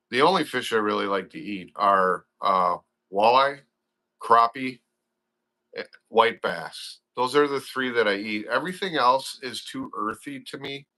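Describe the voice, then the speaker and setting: A man's voice: medium pitch, sharp tone. A man in his fifties from southern Wisconsin, a guest chatting on a live stream about fishing and gear, rambling and self-deprecating. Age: 50s. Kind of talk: casual live-stream chat.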